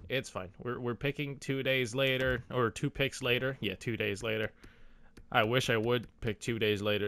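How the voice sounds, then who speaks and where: A young man giving casual, excitable commentary on his own video game play, talking to himself and swearing now and then. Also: mid-range voice. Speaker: gaming YouTuber.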